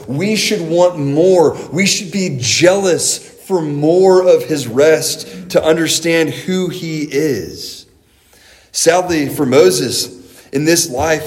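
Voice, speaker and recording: A pastor in his thirties delivers a sermon in a slightly raised voice. He takes his time, setting out scripture passages between family anecdotes, and he speaks at a deliberate pace. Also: fairly high pitch, darkish tone. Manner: preaching with homely asides, quoting scripture.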